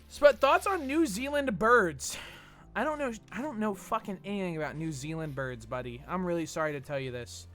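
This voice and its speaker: Lively, bright-voiced profane streamer man. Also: sits high, fairly quick. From Texas, USA. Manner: rambling, profane, reads chat messages aloud and jokes back. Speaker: gaming streamer. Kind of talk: casual livestream chat while gaming.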